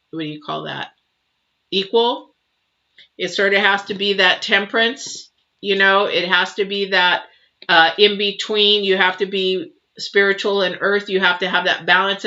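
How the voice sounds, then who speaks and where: Female tarot reader, emotive, rambling and comforting; low-set, forceful tone, muffled lo-fi audio. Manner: emotive, chatty, reassuring, with many fillers and restarts. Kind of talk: live tarot reading and viewer Q&A. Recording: dull lo-fi sound.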